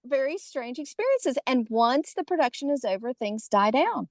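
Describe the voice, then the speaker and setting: A middle-aged woman with a Southern American accent, a podcast guest telling a personal story in casual conversation, lively and acting out the voices she quotes. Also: high voice, moderate pace, no echo. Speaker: podcast guest, haunted tour organizer.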